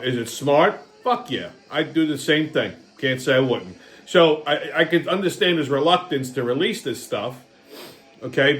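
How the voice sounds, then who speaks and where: A man's voice: mid-range voice, fairly bright tone. A man hosting a casual political commentary show, ranting with heavy profanity and frequent restarts. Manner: profane, ranting, repeats himself. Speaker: host.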